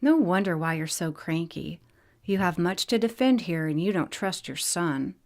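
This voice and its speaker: A woman's voice: lowish voice, expressive, normal speed. A woman voicing a kind, teasing female healing fairy in a storybook reading. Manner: gentle and teasing.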